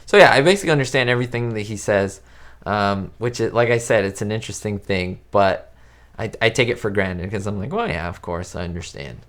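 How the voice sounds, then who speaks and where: A man's voice: lowish voice, expressive, a little fast, fairly bright tone. A man whose first language is Spanish, hosting a casual live-stream chat, rambling with fillers and restarts as he greets viewers by name. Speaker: YouTube host answering live chat. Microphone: webcam setup.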